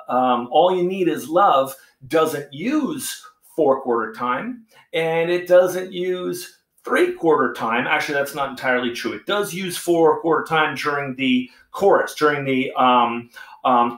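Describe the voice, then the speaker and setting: A man's voice: a little high, fairly bright tone. A male music teacher explaining a lesson patiently and counting beats aloud. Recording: echoey room.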